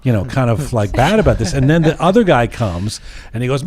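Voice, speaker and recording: A middle-aged man from England, casually telling an animated funny story and mimicking voices. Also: medium pitch, racing. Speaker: podcast host telling a story.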